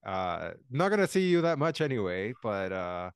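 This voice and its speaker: A man hosting a casual podcast chat, rambling and halting with many fillers. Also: lowish voice, sing-song, clear, resonant tone, dry recording, clean studio sound.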